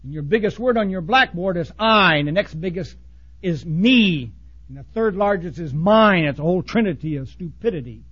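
Blunt folksy preacher, husky and high. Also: male voice, lively intonation, normal speed, lo-fi sound. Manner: blunt, folksy preaching with wild swings from loud to hushed. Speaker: pastor. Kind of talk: sermon.

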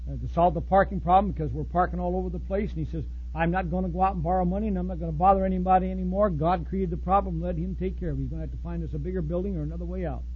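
A man preaching a sermon in a blunt, folksy way, swinging from loud outbursts to soft asides. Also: high voice, fairly even intonation, racing, hardly any pauses, phone-quality sound, a little hiss or hum. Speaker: pastor.

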